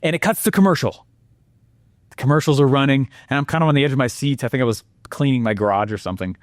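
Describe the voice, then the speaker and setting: A man presenting a marketing lesson with energetic, animated storytelling and exclamations. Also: medium pitch, quick pace, dry recording.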